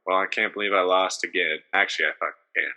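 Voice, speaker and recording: Young guy on a podcast, super bright sharp voice, kinda low, rambles w lots of uhs. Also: steady tone, fast, slight background noise. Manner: rambling storyteller, frequent fillers. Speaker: podcast co-host. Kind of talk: casual comedic banter.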